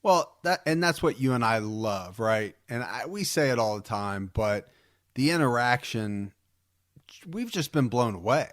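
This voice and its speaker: A male podcast co-host chats easily in a medium-pitched voice with lively intonation, unhurried, recorded close and dry with no room sound. Enthusiastic, he rambles, repeats words, circles back, and restarts his sentences.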